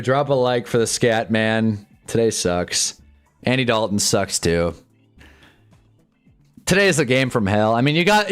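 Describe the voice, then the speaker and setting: Man, live streamer, frustrated sports fan, swears a lot, mid-pitch voice, faint music behind. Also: fairly bright tone, smooth. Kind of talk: live game watch-along commentary.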